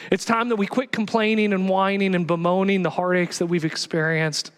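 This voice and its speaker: High-voiced, animated male preacher. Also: a little fast, clear, resonant tone, long reverb tail. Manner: animated, emphatic, repeats phrases. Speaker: pastor. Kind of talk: sermon.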